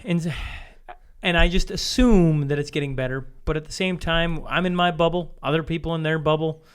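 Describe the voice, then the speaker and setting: A man's voice: fairly high pitch, steady tone, moderate pace, clean tone. A man hosting a podcast, talking thoughtfully and hesitantly with many restarts. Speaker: podcast host. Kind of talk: casual chat.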